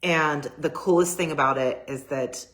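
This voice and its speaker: A middle-aged woman with a notably low voice talks about her photography in a loose, rambling way. She gushes and fills her talk with fillers and restarts. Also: moderate pace, fairly bright tone. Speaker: boudoir photographer. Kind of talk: casual personal talk to camera.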